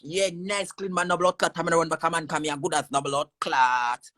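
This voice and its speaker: A woman's voice: sits low, fairly even intonation, brisk, a bit bright. A woman with a Jamaican accent on a livestream, heatedly cussing someone out in a repetitive, insulting rant. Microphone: phone on a screen-recorded livestream.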